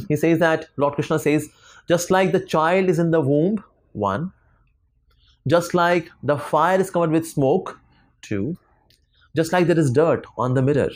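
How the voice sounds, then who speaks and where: A man's voice: on the high side, a little mellow. A man with an Indian English accent giving a devotional lecture to students, telling stories with acted quotes and many fillers. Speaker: spiritual lecturer.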